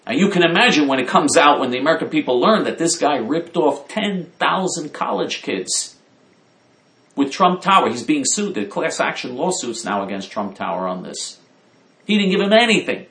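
A man's voice: a little high, animated, normal speed, bright, forceful tone, reverberant. A man giving opinionated political commentary, indignant and emphatic, repeating his points.

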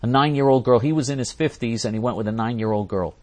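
A male talk show host reads listener questions aloud and launches into an angry, indignant rant, repeating himself and restarting sentences. He speaks fast at a medium pitch.

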